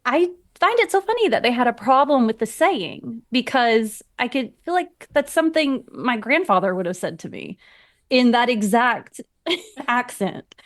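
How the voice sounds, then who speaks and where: A woman's voice: fairly high pitch, lively intonation, a little slow. A woman from Georgia, US, chatting as a podcast guest about a film and often laughing as she talks. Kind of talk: casual film discussion.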